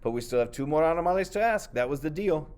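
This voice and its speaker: A man's voice: fairly high pitch, animated, fast talker, darkish tone, clean tone, pitched above the performer's own voice, lightly acted. A man voicing a sly, ungrateful female snake in a play read aloud.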